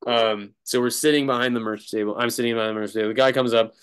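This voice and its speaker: A man's voice: medium pitch, fairly even intonation, quick pace, a bit bright, smooth. Rambling man telling a story. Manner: rambling, laughs often, many restarts. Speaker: guest drummer. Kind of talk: casual storytelling.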